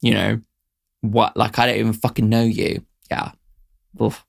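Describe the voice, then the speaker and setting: A man's voice: lowish voice, flat delivery, unhurried, gravelly, pauses often. A young man hosting a casual song reaction, chatty and self-deprecating, often breaking into laughter as he picks apart the music.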